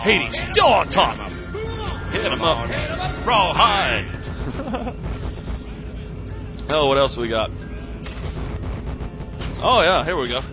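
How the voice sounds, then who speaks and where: A man giving excitable, jokey sportscaster-style play-by-play of a video game, laughing often. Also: on the high side, takes it slowly, long pauses. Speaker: game commentator. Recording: muffled lo-fi recording with game music.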